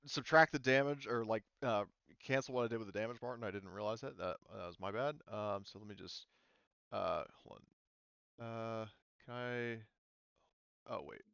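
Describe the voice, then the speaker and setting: Game master, male, low and smooth voice, halting rules explanations, dry dull lo-fi chat audio. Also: fairly bright tone, no echo. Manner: explains rules with many ums and restarts. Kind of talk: casual tabletop game narration.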